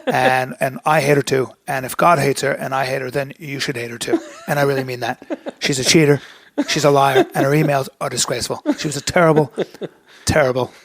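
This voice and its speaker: A man doing a comedic impression of a boastful, blustering male politician, with short repetitive superlatives and a gravelly voice. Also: medium pitch, steady tone, brisk, lightly acted.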